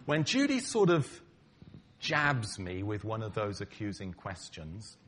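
A man's voice: lowish voice, huge pitch swings, a little slow, a bit bright, a little hiss or hum. A middle-aged man, preaching a conversational sermon to his congregation, bantering with them and acting out quoted lines. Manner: acts out quoted lines dramatically. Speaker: pastor.

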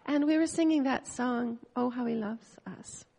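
An older woman from Canada giving a heartfelt, emotional church testimony, pausing and restarting as she speaks. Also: on the high side, vocal fry, warm tone.

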